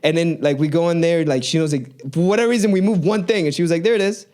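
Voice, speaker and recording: A man's voice: fairly high pitch, quick pace. A man co-hosting a casual faith podcast, telling stories and acting out the dialogue in them. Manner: animated storyteller, acts out dialogue. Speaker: podcast co-host.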